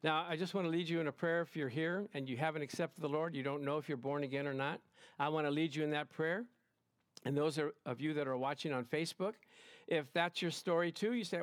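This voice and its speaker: A male pastor preaching a lively sermon to his congregation, emphatic and excitable, often calling out "Amen?". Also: a little high, brisk, no echo. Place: church service in front of a congregation.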